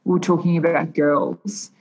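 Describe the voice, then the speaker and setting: A woman's voice: sits low, moderate pace. A young woman, co-hosting a podcast in casual chat, telling stories about her younger siblings. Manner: relaxed storyteller, quotes kids in playful voices. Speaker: podcast co-host.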